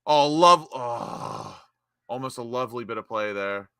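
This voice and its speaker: A young man hosting a live football watchalong, giving excitable, emotional fan commentary into a close mic. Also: mid-range voice, measured pace, smooth, no room sound. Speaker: watchalong host.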